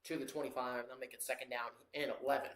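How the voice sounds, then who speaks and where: An amateur commentator calling play-by-play over a live watchalong, casual and rambling, with fillers and quick self-corrections. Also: mid-range voice, little pitch movement, fairly bright tone, roomy sound, slight background noise, low-quality recording.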